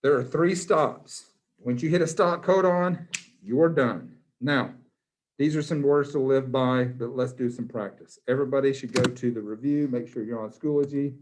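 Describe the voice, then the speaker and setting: A man's voice: medium pitch, normal speed. A man, a biology teacher in his classroom, quizzing students by name in a playful, encouraging way. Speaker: high school biology teacher.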